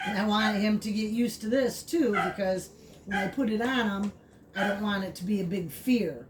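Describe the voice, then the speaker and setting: A woman explaining puppy training in a casual, chatty way, full of fillers, switching to high baby talk for the dog. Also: moderate pace. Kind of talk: casual vlog narration. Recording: distant mic with clear background noise.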